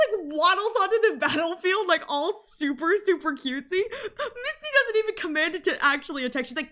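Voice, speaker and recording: A woman's voice: very high-pitched, sing-song, a little fast, bright, forceful tone. A woman streamer chatting casually with viewers, rambling with many restarts and frequent laughs.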